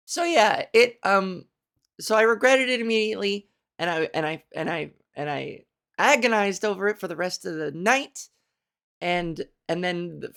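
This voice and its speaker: Animated woman podcaster telling stories. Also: mid-range voice. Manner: animated, self-mocking, acts out quotes with exaggerated voices. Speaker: podcast host. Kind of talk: casual solo storytelling.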